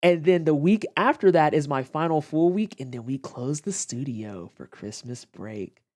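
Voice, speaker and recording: Lively low-voiced woman streamer. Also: normal speed. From Saint Louis area, United States. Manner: animated, swears freely, acts out quotes in high voices. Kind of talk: casual chat on a livestream.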